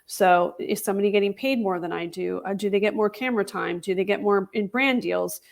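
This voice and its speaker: A woman guest on a podcast interview explains her views at length, articulate and assured. Her mid-range voice is fairly quick and creaky.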